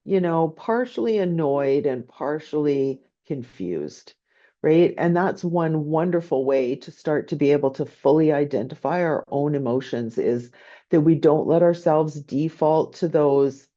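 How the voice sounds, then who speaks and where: A woman professor lectures in a friendly, conversational way and keeps checking in with "right?". Her voice is mellow, and the recording sounds dull and lo-fi, like a webinar. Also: low-pitched, unhurried. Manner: conversational, often asking "right?". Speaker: business professor. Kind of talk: online lecture answering questions.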